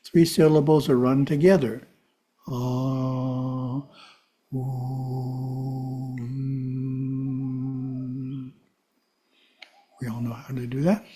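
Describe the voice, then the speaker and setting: A man giving a calm, measured spiritual teaching talk, with side remarks to his listeners. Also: mid-range voice, breathy edge. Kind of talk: teaching talk to a live audience.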